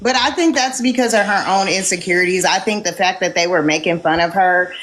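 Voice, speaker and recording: A woman's voice: lowish voice, brisk, a bit bright. A woman in heated casual chat on a group livestream, insistent and explaining at length.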